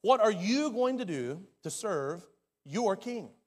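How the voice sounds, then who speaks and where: A man preaching a sermon as pastor, his delivery swinging from loud and urgent to hushed and quiet. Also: high-pitched, very animated, takes it slowly. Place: church sanctuary. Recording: long hall reverb.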